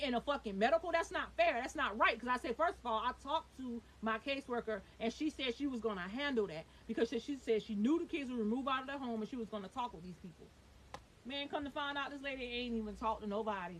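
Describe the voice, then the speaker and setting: A young woman vlogging about her own life, talking fast and emphatically and swearing when upset. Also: fairly high pitch, low-quality recording. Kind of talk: heated personal storytelling. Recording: faint hiss.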